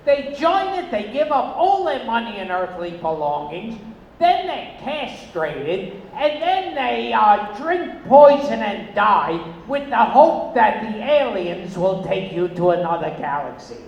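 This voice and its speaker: A man performing a stand-up comedy set on a casino stage, with shrill, abrupt outbursts and deadpan asides. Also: measured pace, vocal fry. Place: casino stage, live audience. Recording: echoey, noisy audience bootleg.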